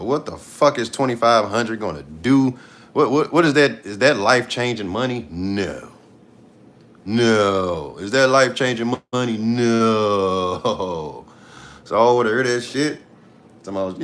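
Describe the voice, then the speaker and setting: Man in his late 30s, AAVE speaker, mid-pitched voice, blunt and profane, repeats points for emphasis. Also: animated, measured pace, fairly bright tone. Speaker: live streamer. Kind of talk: casual livestream rant.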